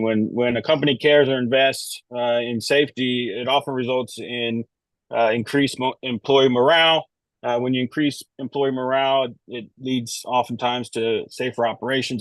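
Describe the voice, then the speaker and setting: A man's voice: medium pitch, no echo, low-quality recording. Earnest man on a call. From Texas, United States. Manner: earnest, repeats words while thinking. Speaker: roundtable attendee. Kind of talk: online roundtable remarks. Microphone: video call.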